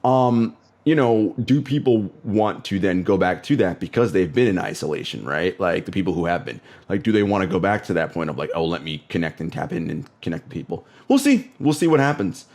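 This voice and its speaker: A man's voice: sits low, lively intonation, a little fast, hardly any pauses, darkish tone. A man hosting a podcast, easygoing and thinking aloud, laughing often. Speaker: podcast host. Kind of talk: casual podcast chat.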